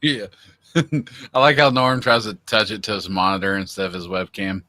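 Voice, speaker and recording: A man co-hosts a loose livestream chat, laughing a lot and circling back over his words. His voice sits low but sounds bright, with a slight lisp. The sound is dry and close. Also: moderate pace, no room sound. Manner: joking, rambling, laughs often, many restarts. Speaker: co-host.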